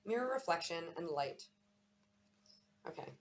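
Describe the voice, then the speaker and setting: A woman's voice: on the low side, expressive, measured pace, slight background noise. A woman giving a casual, chatty tarot and astrology reading, often repeating words for emphasis.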